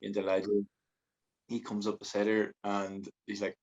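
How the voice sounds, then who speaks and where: Low-voiced man telling rambling stories. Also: monotone, normal speed, a little mellow, muffled recording. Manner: rambling, switches between Irish and English, laughs often. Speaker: podcast guest. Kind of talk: casual storytelling chat.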